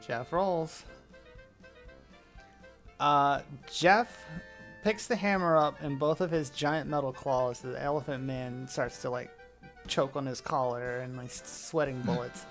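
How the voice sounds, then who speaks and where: A man narrating as game master of a tabletop game in a relaxed way, with fillers. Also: mid-range voice, unhurried, soft background music.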